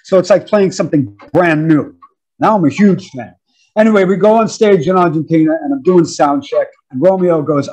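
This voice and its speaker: A man in his fifties with a New York accent, a guest musician telling stories in a casual interview, animated and acting out counts and quotes. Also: on the high side, moderate pace, slightly rough, low-quality recording. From United States. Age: 50s. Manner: animated storyteller, acts out counts and quotes, says "man" often.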